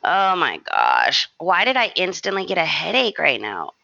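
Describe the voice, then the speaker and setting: Gravelly, sassy woman podcast co-host. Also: on the low side, wildly swooping pitch, bright, forceful tone, dull audio. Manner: sassy, quick quips and asides, lots of mm-hmms. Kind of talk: casual chat.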